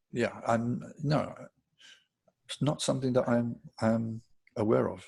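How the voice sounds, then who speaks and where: A man's voice: mid-range voice, measured pace, vocal fry, pauses often, a little mellow, husky. An older man with an English accent, a guitarist, chatting casually in an interview and telling anecdotes, often laughing. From England. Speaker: guitarist guest.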